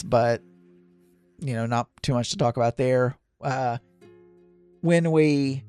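A middle-aged man chats on his podcast, drifting through a story with lots of "like" and frequent restarts. His voice sits a little high for a man. Faint music plays quietly in the background. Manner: rambling, self-correcting, many fillers. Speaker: podcast host. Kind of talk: casual solo travel storytelling.

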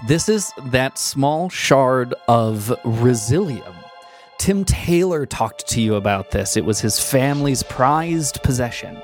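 A woman narrating as game master, pausing often with ums and uhs. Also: extremely low pitch, lively intonation, a little mellow, soft background music. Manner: hesitant, full of ums and uhs.

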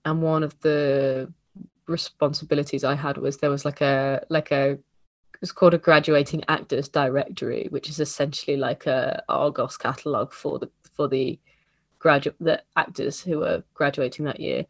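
A man's voice: on the high side, steady tone, moderate pace, no echo. A man hosting a podcast in casual chat, talking with many restarts and fillers. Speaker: podcast host.

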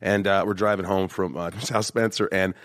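Lively low-voiced man telling stories. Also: moderate pace, no room sound, clean studio sound. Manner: animated, self-mocking, jumps into acted voices. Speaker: podcast host. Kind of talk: casual storytelling chat.

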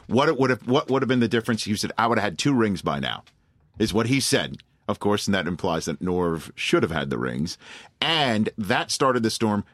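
A man's voice: on the low side, no room sound, clean studio sound. A man hosting a sports talk show, telling stories emphatically. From New York. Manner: emphatic, animated storyteller. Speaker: sports radio host.

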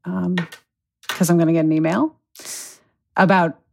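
A chatty woman in her thirties with a low, gravelly voice talks as a podcast guest. She sounds animated and giggly and fills her talk with "um" and "like." The tone is casual and friendly. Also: a little slow. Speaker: guest, schoolteacher.

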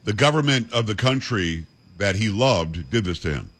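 A man hosting a talk show interview, asking measured, prompting questions. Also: fairly low pitch, expressive, fairly bright tone.

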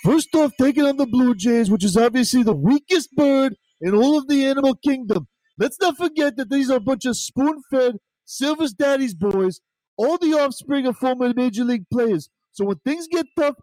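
A man putting on a brash, gravelly pro wrestler persona as a guest, trash-talking with punchy declarations. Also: extremely high pitch, dark tone, dry recording. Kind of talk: fan pep talk in wrestling persona.

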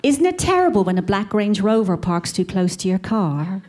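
A woman's voice: mid-range voice, big pitch swings, normal speed, background noise. A woman performing a stand-up routine on a comedy club stage, sardonic, with her bits building into mock rants. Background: audience laughter.

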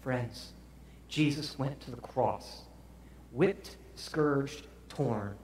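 A man preaching a sermon as pastor, telling a story dramatically and swinging from hushed to loud. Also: medium pitch, very slow, very echoey, a little hiss or hum.

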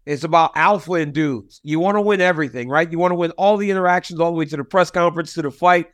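A man with a high voice hosts a casual interview. He asks direct, leading questions in an easy, conversational way. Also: fast talker, a bit bright, clean tone. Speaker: host.

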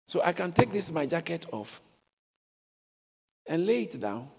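Man, pastor, church sermon, animated preaching, husky tone, long hall echo. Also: on the high side, measured pace. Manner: animated preaching, bursts into shouts when quoting.

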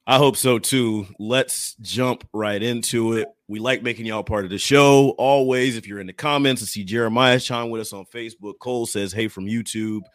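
A man's voice: mid-range voice, steady tone, moderate pace, hardly any pauses, dry recording. Man, podcast host, casual sports talk, upbeat, dry studio sound.

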